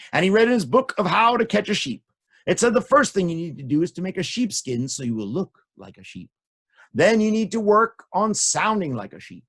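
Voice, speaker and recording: A male children's storyteller with a fairly high voice that swoops up and down in lively sing-song. He repeats phrases for effect and speaks straight to the kids. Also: breathy edge.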